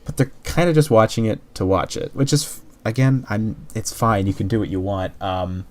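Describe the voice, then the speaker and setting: A man's voice: on the low side, normal speed, darkish tone. A man giving a casual, openly emotional anime review, rambling and full of "like" and restarts. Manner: rambling, heavy use of "like", frequent restarts.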